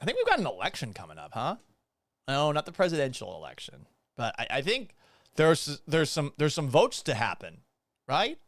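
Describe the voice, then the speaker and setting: A man in his thirties hosting a casual sports talk show, animated and blunt, often swearing. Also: a little high, moderate pace, dry recording, clean studio sound. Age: 30s.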